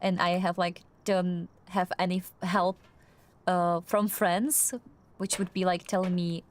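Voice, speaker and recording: Soft-spoken woman with a non-native English accent. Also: fairly low pitch, level tone, unhurried. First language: not English. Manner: hesitant, many fillers and restarts. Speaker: streamer. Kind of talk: casual gameplay commentary.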